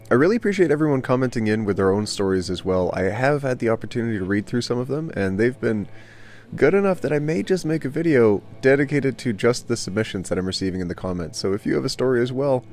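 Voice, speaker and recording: A man with a gravelly, dark voice reads online stories aloud for his channel, casual and amused. Faint music plays under him. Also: mid-range voice. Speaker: YouTube storyteller. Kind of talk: reading Reddit stories aloud.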